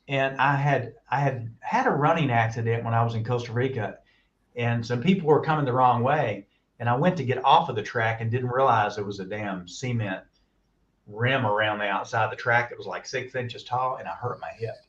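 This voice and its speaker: A man in a casual chat, spinning long, lively stories and slipping into the voices of the people he quotes. His voice sits at an ordinary pitch, and the sound is muffled and lo-fi. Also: moderate pace. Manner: animated storyteller, acts out quoted voices. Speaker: guest on a talk stream. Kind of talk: casual storytelling. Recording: muffled lo-fi audio.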